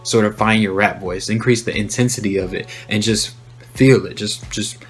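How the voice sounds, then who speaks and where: A young man hosting a rap-writing tutorial, explaining in a relaxed, conversational way and rapping short examples aloud. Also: fairly low pitch, normal speed, soft background music. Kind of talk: casual instructional talk.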